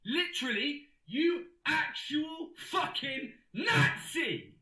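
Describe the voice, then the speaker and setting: A shrill, strained crank hurls sweary abuse in a relentless tirade, as a man puts him on. The voice sits very high and sharp, and the sound rings around an echoey room. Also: lively intonation, slow, vocal fry, heavily acted. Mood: ranting. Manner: abusive, sweary, shouting tirade. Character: furious male conspiracy theorist ranting in voice messages.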